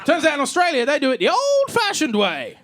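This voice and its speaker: A man's voice: very high-pitched, wildly swooping pitch, a little fast, fairly bright tone. A young Scottish man doing a stand-up comedy set on a club stage, sardonic and punchy.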